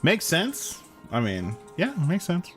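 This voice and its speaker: Animated slangy young man streaming. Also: on the high side, slow, faint music behind. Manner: crude joking banter with chat, slangy. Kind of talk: casual gameplay chat.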